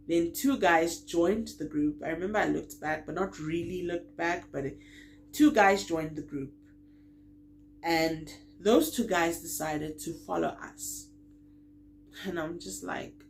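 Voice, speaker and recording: Animated, low-voiced woman telling a story. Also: creaky, a little hiss or hum. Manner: animated storytelling, acting out quoted lines; laughs while telling. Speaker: vlogger. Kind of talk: storytime vlog.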